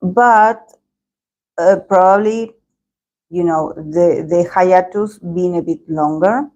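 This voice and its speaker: Slow, meandering woman tarot reader. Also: lowish voice, dark tone, highs cut off. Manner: meandering, hedging talk with many pauses. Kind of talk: tarot reading video.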